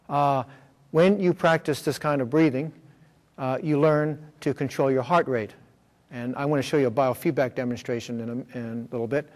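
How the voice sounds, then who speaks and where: A man's voice: mid-range voice, a little mellow. A man presenting a workshop with slides, explaining step by step with frequent fillers and check-ins. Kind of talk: lecture with slides. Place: school room. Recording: long hall reverb.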